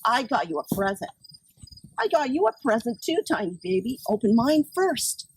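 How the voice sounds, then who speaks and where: A woman's voice: a little high, big pitch swings, moderate pace, far from the mic, slight background noise, low-quality recording. A woman voicing a big, vain, condescending horse in a children's storybook read-aloud. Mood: haughty. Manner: haughty, baby-talking.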